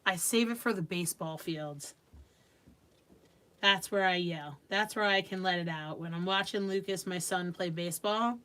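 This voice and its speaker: A woman's voice: lowish voice, moderate pace, bright, forceful tone. Chatty woman from Long Island. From Long Island, New York. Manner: chatty, laughs often, talks while working. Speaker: host of a live craft stream. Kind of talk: casual live crafting demo.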